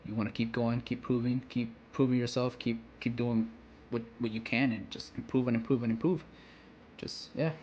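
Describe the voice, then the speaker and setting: A man's voice: mid-range voice, level tone, moderate pace, darkish tone, dull audio, a little hiss or hum. A man giving casual reaction commentary on a manga, rambling with slang, "you know" fillers and frequent restarts.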